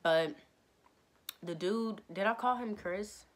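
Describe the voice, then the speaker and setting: A young woman vlogger telling a storytime in a casual, slangy, animated way. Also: medium pitch, slow. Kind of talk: storytime vlog.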